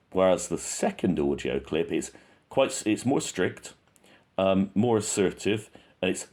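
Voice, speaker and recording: Deep-voiced man in casual true crime commentary. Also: expressive, moderate pace, a little mellow. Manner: conversational, thinks aloud with frequent restarts. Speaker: true crime channel host.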